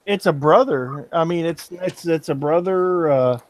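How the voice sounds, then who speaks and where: A folksy man chatting with other resellers, laughing through his sentences. His voice sits a bit high for a man. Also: unhurried. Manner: folksy, laughs while talking. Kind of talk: casual group chat.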